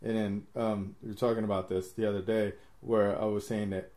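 A man's voice: lowish voice, flat delivery, brisk, darkish tone. A man hosting a podcast, rambling through his ideas in casual chat, laughing often and swearing freely. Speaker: podcast host.

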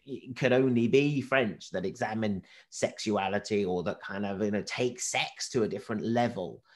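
Animated male film critic, full of restarts. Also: mid-range voice. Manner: animated, halting with many restarts. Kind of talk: casual talk.

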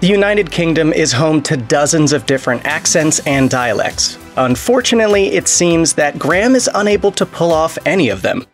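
A man's voice: on the high side, very animated, normal speed, few pauses, soft background music. A man narrating a scripted video in a wry, sardonic tone.

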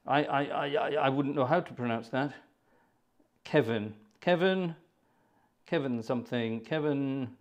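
Hosting a livestreamed organ concert, a man greets viewers by name in a casual, chatty way, joking and poking fun at himself. He has a medium-pitched voice, keeps a measured pace, and pauses often.

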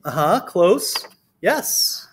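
A man's voice: high voice, very animated, drawn-out words, slight background noise. A man reading a picture book aloud to children, then leading a friendly art lesson with playful quiz questions. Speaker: art teacher.

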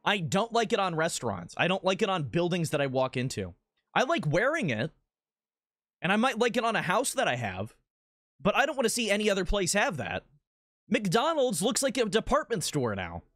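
A man streaming a game, chatting casually in a rambling, profane, animated rant. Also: high voice, moderate pace, dry recording, clean studio sound.

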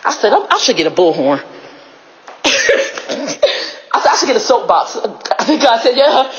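Woman, high-pitched, very lively pitch, solo devotional talk at home, shouting and laughing. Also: unhurried, lo-fi sound, noisy background. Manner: shouts a repeated catchphrase, then drops low, laughing often. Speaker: lay preacher. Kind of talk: informal spoken devotional. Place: home, indoors.

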